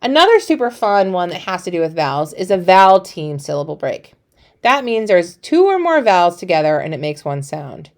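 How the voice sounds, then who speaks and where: A woman's voice: lowish voice, sing-song, fairly quick. A woman teacher giving a recorded phonics lesson to young children, encouraging and playful, praising often.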